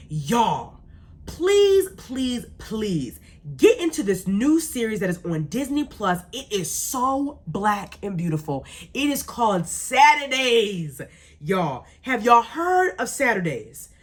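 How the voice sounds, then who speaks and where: Woman, young adult, radio host, lively chat, swooping pitch. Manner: animated, laughing, emphatic repetition. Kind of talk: casual chat reading live comments.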